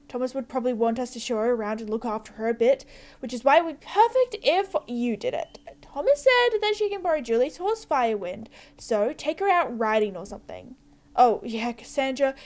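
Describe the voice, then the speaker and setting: A bossy clique-leader teen girl from a horse-riding video game, scornful and quick to give orders, voiced by a woman reading her lines. The high voice swoops as she dismisses others. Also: a little mellow. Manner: dismissive and commanding. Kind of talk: reading game dialogue aloud.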